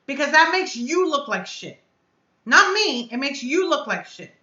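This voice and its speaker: A high, bright-voiced woman hosts her own live stream and vents bluntly, upset and cursing. The sound is dull and lo-fi, with an echoey room around her. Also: very animated, unhurried. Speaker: vape reviewer and channel host.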